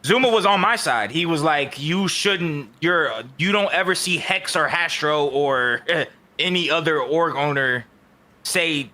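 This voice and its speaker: Bright, heated man ranting. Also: on the high side, unhurried. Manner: heated, profane, animated rant. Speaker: podcast host. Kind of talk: casual esports podcast chat.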